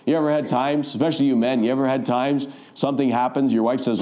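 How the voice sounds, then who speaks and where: A man's voice: medium pitch, quick pace, few pauses, dark tone, a little hiss or hum. A man preaching a sermon, retelling a Bible story and acting out the voices of the people in it. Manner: storytelling, acts out quoted voices.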